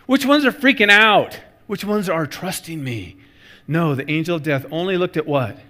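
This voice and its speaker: A middle-aged male pastor preaching a sermon, telling stories with acted-out voices and repeating key phrases for emphasis. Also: fairly high pitch. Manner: animated storytelling with acted-out voices.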